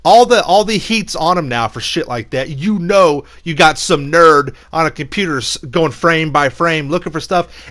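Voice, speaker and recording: A man's voice: on the high side, moderate pace, hardly any pauses. Exasperated young man ranting casually. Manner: animated, exasperated, slangy, full of restarts. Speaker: YouTuber ranting about a TV finale. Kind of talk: casual opinion rant.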